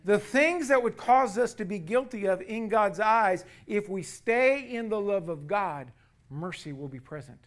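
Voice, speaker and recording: A man's voice: sits high, expressive, unhurried. A man preaching a sermon, reading scripture with emphasis and retelling a story with many fillers. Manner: frequent fillers, swings from loud emphasis to quiet asides. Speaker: pastor.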